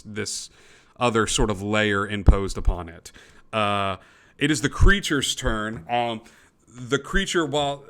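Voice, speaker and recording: A man's voice: medium pitch, a bit bright. A man narrating as game master for a tabletop game over a call, descriptive and full of fillers and restarts.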